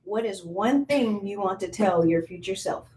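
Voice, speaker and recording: A woman's voice: medium pitch, moderate pace, a little mellow. Off-camera woman asking questions, roomy sound. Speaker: off-camera interviewer.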